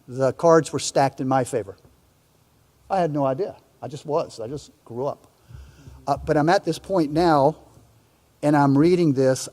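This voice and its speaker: A man's voice: fairly high pitch, darkish tone, in a large hall. An older man speaking as a panelist in a discussion, earnest and reflective, often restarting his sentences.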